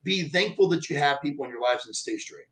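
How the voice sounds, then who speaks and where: A man's voice: fairly high pitch, fast talker, low-quality recording. A man talking as a podcast guest, blunt and profane, telling stories with a lot of energy. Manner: blunt, profane, animated storytelling. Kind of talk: casual podcast chat.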